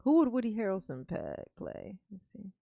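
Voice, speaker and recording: A woman's voice: mid-range voice, wildly swooping pitch, gravelly, no echo, phone-quality sound. A woman hosting a casual live stream, reading chat aloud, playful and laughing as she muses. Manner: playful, laughing, drawn-out musing. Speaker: livestream host reading chat.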